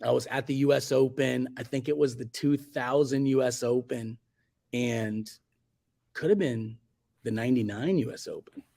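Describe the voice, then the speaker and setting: A man's voice: moderate pace, creaky, mellow. A man in his forties, a photographer being interviewed, telling stories in a loose, rambling way full of fillers and self-corrections. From Virginia Beach, United States. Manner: acts out quoted speech in a much higher voice. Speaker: guest photographer. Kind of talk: casual interview storytelling.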